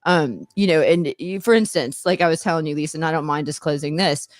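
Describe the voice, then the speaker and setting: A woman's voice: deep voice, fairly quick, dry recording, clean studio sound. A middle-aged woman, a former attorney hosting a podcast, tells stories in casual chat, meandering and often laughing mid-sentence.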